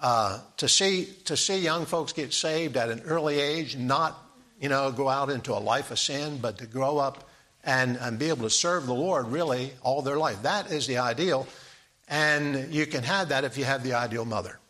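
A man's voice: medium pitch, moderate pace, pushed and bright. A middle-aged man preaching a sermon in an easygoing, conversational way, reading scripture aloud.

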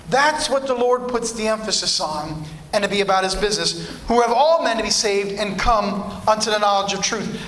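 High, bright-voiced preacher man. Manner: emphatic, repetitive preaching cadence. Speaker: pastor. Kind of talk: sermon. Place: church. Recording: echoey church room.

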